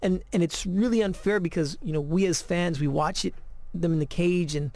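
A high-pitched man tells animated stories in a casual podcast chat, often restarting his sentences. The sound is dry and close, with no room around him. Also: normal speed, dry recording. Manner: animated storyteller, many repeated starts. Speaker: podcast co-host.

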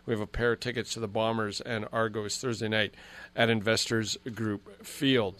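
A Canadian man hosting a sports radio show, chatting casually and telling stories with lively asides. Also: fairly low pitch, normal speed, dry recording. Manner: chatty, storytelling with animated voice impressions.

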